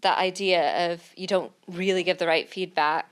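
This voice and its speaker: A woman with an American accent, co-hosting a podcast in a quick, eager, chatty way. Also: lowish voice, steady tone, clean tone. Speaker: podcast co-host. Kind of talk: casual podcast conversation.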